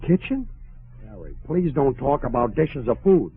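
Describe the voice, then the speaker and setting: A man's voice: medium pitch, very animated, normal speed, slightly rough, dry recording, full character voice. A man playing an exasperated, hungry husband in a 1940s radio comedy, complaining throughout. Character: exasperated, starving henpecked husband. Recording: tinny old radio broadcast, faint hiss.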